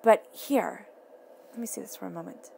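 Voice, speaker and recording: A woman's voice: medium pitch, normal speed, gravelly, mellow, slight background noise. A woman giving a casual tarot reading to the listener, earnest and emphatic, often restating her phrases. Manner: emphatic, talks straight to the listener. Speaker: tarot reader.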